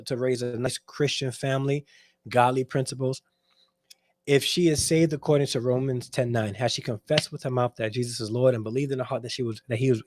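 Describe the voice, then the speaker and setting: Male host, mid-pitch, emphatic and preachy, dry close sound, for a dating-advice livestream. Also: dry recording. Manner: preachy, emphatic, frequent restarts and checks like "all right?".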